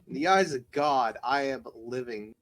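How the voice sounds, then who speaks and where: A man's voice: mid-range voice, expressive, unhurried, fairly bright tone. A man voicing an undead knight who solemnly insists that he is alive. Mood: indignant.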